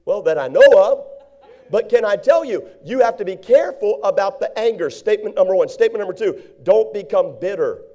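A male preacher delivering a sermon, reading King James verses aloud. His voice sits high but sounds mellow and warm. He slips into quick impressions of the people he describes. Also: animated.

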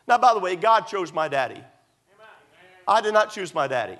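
A man's voice: sits high, very animated, normal speed, long pauses, sharp tone. A middle-aged man, a pastor, preaching a sermon emphatically, repeating points and using many fillers.

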